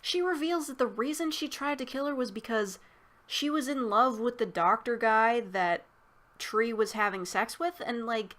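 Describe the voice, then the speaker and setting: A woman with a somewhat high, slightly bright voice recaps and reviews a movie at a normal speed. She rambles casually, swearing and leaning heavily on "like" and other fillers.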